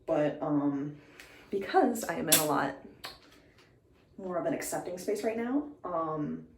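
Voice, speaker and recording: A young woman with a low voice talks to her phone camera in a loose, rambling way, full of ums and restarts. A slight lisp slips in now and then. The room around her is echoey, with a faint hiss of background noise. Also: animated, unhurried, gravelly, far from the mic. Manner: rambling, many fillers and restarts. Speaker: vlogger. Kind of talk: casual chat.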